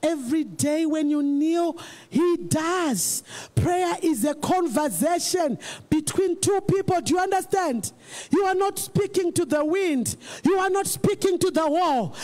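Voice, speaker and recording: A pastor preaching a sermon, emphatic and repetitive, rising to shouts. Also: high voice.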